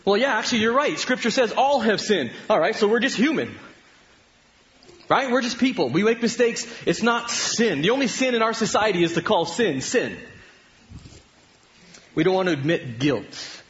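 A middle-aged Canadian man preaching a sermon, talking with his congregation more than at them and often stopping to ask them questions. His voice sits a little high for a man. The recording sounds dull and lo-fi. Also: sing-song, normal speed, fairly bright tone. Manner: conversational, asks the congregation questions. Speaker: pastor.

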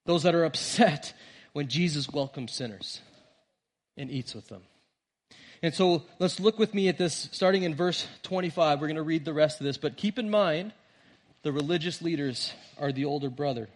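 Guy pastor preaching, kinda higher voice, gets loud on the big words then drops quiet. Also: normal speed. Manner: earnest preaching, rising on emphasis, dropping softly at phrase ends. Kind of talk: sermon.

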